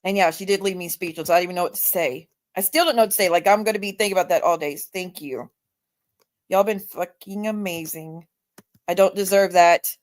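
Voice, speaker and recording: A woman's voice: lowish voice, a little fast. A woman hosting a live stream in casual chat, blunt and emphatic, swearing freely. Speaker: livestream host.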